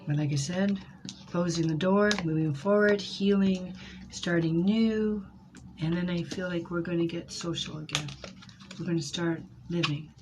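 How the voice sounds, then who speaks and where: A woman's voice: lowish voice, measured pace, background noise. Emotional rambling woman reading tarot. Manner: emotional, rambling, addresses viewers by name. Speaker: tarot reader. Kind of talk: live tarot reading for viewers.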